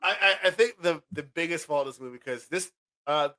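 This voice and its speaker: Giggly man with a bright voice. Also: a little high, brisk, no room sound. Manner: laid-back, giggly, stammering restarts. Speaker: podcast co-host. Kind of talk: casual podcast chat.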